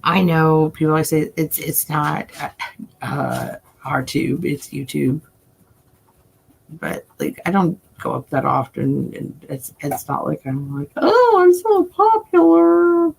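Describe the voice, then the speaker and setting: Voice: mid-range voice, fairly even intonation, takes it slowly, vocal fry, slightly rough. An adult livestream host and self-described coin nerd, chatting casually with viewers in a rambling way, swearing often and chuckling.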